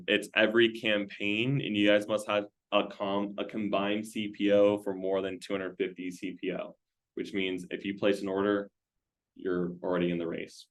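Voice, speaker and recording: A man giving a training talk to a sales team, firing off questions in a loose, conversational way. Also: sits low. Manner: rapid-fire string of questions, loose and conversational.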